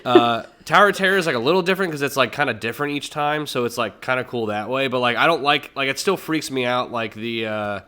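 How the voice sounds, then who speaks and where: A man's voice: medium pitch, fast talker, hardly any pauses, sharp tone, clean tone. A man co-hosting a podcast, talking hesitantly in casual chat with many fillers and restarts. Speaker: podcast co-host.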